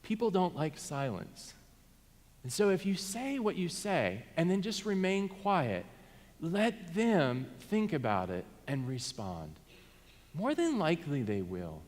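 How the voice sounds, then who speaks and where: Pastor guy preaching, kinda high voice, long echo in the sanctuary. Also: sing-song, takes it slowly, a little mellow. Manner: interactive, asks congregation to respond. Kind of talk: sermon. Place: church sanctuary. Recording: reverberant church sanctuary.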